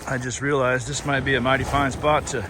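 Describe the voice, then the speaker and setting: A man's voice: medium pitch, level tone, fairly quick, background noise. Chatty, rambling man hiking outdoors. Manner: rambling, chatty, talking to the camera. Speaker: hiking vlogger. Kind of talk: casual chat while hiking. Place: outdoors on a coastal trail.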